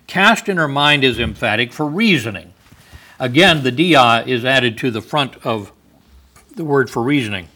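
A man's voice: mid-range voice, animated, normal speed, pushed and bright. A man teaching a Bible study in sermon style, thoughtful and explanatory, with small asides and chuckles.

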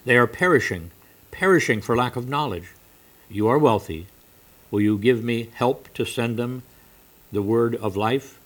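Male preacher, sermon storytelling, mid-pitched voice, coughs and throat clearing. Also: expressive, measured pace, fairly bright tone.

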